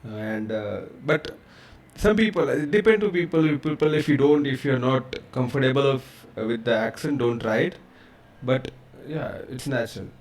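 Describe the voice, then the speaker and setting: A man's voice: medium pitch, lively intonation, normal speed. A young man with an Indian accent, hosting a reaction video in casual commentary, mixing Hindi and English.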